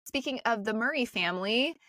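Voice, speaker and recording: An American woman co-hosting a podcast in casual chat, bubbly and excited like a fan. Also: a little high, a little fast, dry recording. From United States. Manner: bubbly, fangirling. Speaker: podcast co-host.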